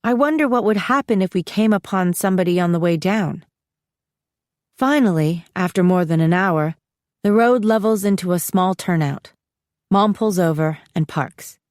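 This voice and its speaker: A woman narrating a first-person audiobook with steady, even storytelling, recorded close in a dry studio. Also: fairly low pitch, moderate pace, no room sound.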